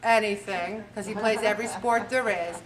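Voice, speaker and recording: A woman in her forties hosting a motivational weight-loss talk, animated and acting out little scenes as she goes. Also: mid-range voice, moderate pace, far from the mic. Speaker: weight-loss show host.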